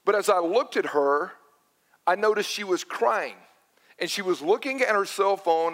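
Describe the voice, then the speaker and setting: In a church sanctuary, a high-pitched male pastor preaches at a moderate pace, shifting between storytelling and emphatic repetition of his main points. His delivery is animated and his voice a bit bright, while the large hall adds a long reverb.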